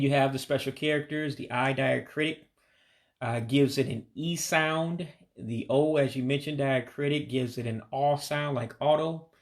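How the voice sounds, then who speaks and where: A man leads a patient pronunciation lesson, saying each word slowly several times. His voice has a gravelly, creaky edge and sits at an ordinary pitch. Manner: patient, repeats words slowly. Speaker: language learner teaching vocabulary.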